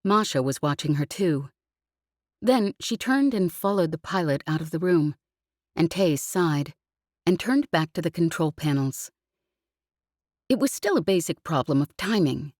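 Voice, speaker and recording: A woman narrating a science fiction audiobook with an even, expressive reading. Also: low voice, a little slow, no room sound, studio quality. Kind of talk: scripted narration.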